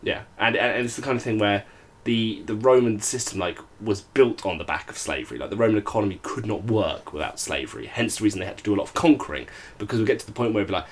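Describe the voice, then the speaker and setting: A man's voice: on the low side, lively intonation, fast talker. A young British man chatting casually in a group conversation, rambling with many fillers and restarts. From Britain.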